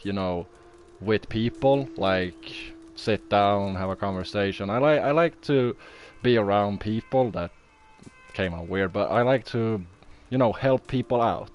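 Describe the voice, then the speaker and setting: A young man with a low-pitched voice hosts a relaxed stream conversation. He rambles and teases his guest, stacking fillers and restarts as he talks. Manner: loose, rambling and teasing, with many fillers. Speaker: streamer and interview host. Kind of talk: casual chat.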